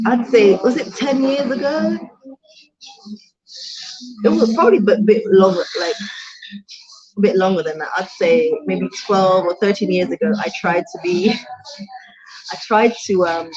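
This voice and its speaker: A woman in her thirties, born in Jamaica and raised in the UK, chatting casually to viewers on a live Q&A stream, laughing often and eating as she talks. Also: on the low side. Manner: chatty, laughs often, eats while talking. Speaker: vlogger hosting a live Q&A. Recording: dull lo-fi stream audio with crowd noise.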